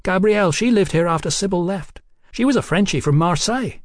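A man's voice: high voice, lively intonation, fairly quick, dry recording, pitched above the performer's own voice. A man voicing a drunk, bawdy young working woman who talks in a brash, slurring way, with a dry close sound. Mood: gossipy.

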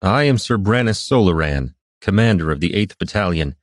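A man voicing a measured, wry male knight commander. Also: low-pitched, expressive, no echo, clean studio sound.

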